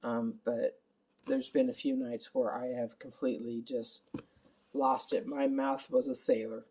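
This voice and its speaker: A woman's voice: rumbling low, little pitch movement, unhurried, warm tone, breathy edge. A middle-aged woman caring for her father, giving a candid, rambling vlog update while exhausted. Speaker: family caregiver.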